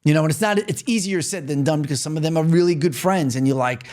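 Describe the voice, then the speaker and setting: A man's voice: fairly high pitch, quick pace, a little mellow. A man from New York hosting a podcast, talking earnestly and repetitively straight to the listener in a motivational monologue. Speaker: podcast host.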